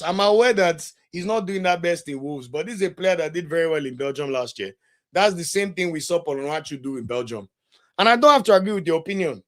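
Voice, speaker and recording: A young man hosting a football podcast livestream, reading viewer comments and ranting with indignant energy. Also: a little high. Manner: animated, indignant, ranting with laughs. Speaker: podcast host.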